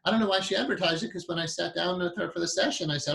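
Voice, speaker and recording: A man with a high, creaky, fairly bright voice talks very fast as he gives a hypnotherapy class a casual, rambling lecture. As their teacher he stays chatty, full of fillers and self-corrections.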